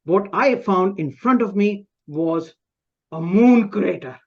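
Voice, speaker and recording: Guy telling a funny story about himself on a video call, takes it really slow, little muffled sound. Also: sits high, lively intonation. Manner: self-mocking, with pauses and restarts. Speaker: club speaker. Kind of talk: humorous personal storytelling speech.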